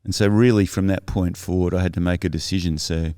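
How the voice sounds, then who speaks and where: A man's voice: low voice, steady tone, fast talker, dark tone, clean tone, no echo, clean studio sound. A man as a podcast guest, earnestly telling his life story in a thoughtful, reflective way that is often self-correcting.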